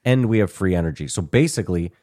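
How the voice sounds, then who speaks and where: A man's voice: low-pitched, animated, fast talker, warm tone. A man co-hosting a podcast in casual chat, making his point emphatically and swearing freely. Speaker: podcast co-host.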